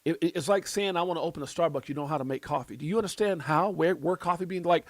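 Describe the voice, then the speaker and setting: A man hosting a crypto livestream, reacting with fervent, preachy commentary, repeating himself and joking about his own excitement. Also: a little high, quick pace, hardly any pauses, no room sound.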